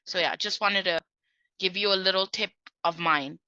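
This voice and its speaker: Woman trainer, bright tense voice, lively storytelling, dry dull lo-fi call sound. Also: fairly low pitch, normal speed, dry recording. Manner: lively, acts out dialogue. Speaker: sales trainer. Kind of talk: sales tips and storytelling.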